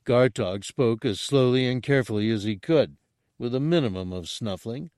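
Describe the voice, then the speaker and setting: A man's voice: medium pitch, moderate pace, darkish tone, no room sound. Man narrating an audiobook, dry and close. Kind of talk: scripted story narration.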